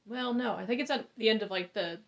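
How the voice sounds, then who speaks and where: A woman's voice: on the high side, fast, creaky. A woman co-hosting a book club chat over a video call, rambling with hesitant restarts. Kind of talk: casual chat.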